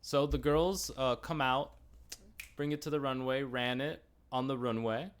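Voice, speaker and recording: A man's voice: mid-range voice, steady tone, measured pace, clean tone. A man co-hosting a casual review chat, talking in a rambling, chatty way full of asides. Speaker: podcast co-host.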